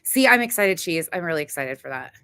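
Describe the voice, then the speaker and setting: Blunt, low-voiced woman chatting on a livestream. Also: sing-song, fast, bright, forceful tone, no room sound. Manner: chatty and blunt, swears freely, laughs often. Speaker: livestream host. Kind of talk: casual cooking livestream chat.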